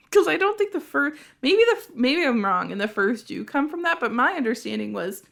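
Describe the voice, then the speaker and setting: A woman's voice: on the high side, creaky. A woman hosting a casual podcast, animatedly recounting a video game's plot. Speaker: podcast host.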